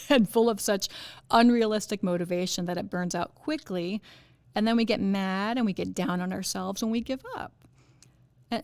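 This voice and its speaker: A woman's voice: medium pitch, no room sound. A woman hosting a wellness podcast, talking casually and animatedly with fillers and laughs. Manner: chatty and animated, fillers and laughs, puts on goofy voices for quotes. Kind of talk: casual motivational talk.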